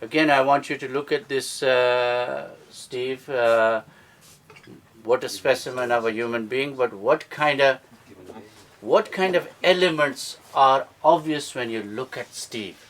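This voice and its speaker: A man's voice: medium pitch, a little slow, fairly bright tone. A man giving an interactive teaching talk to a live audience at an event, quizzing listeners and often checking in with "yeah?". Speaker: speaker at a book launch.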